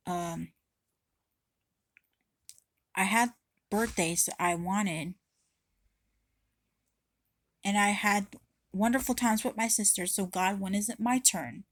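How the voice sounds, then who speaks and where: A woman's voice: fairly low pitch, no echo, clean studio sound. A woman vlogger ranting to camera in a rambling way, swearing often and restarting her sentences. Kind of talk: casual rant to camera.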